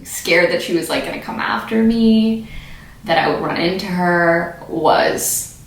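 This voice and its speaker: An American vlogger, a young woman, reacts candidly to an old video of herself in casual, chatty, self-mocking commentary. Her voice is low, unhurried and gravelly, and the room sounds echoey.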